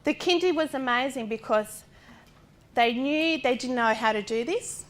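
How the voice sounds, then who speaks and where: A woman's voice: high-pitched, moderate pace. Forthright mother giving a talk. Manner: direct and forthright, with rhetorical questions; animated, acting out other people's lines. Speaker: guest speaker, parent of a child with a disability. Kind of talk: lecture talk drawn from personal experience.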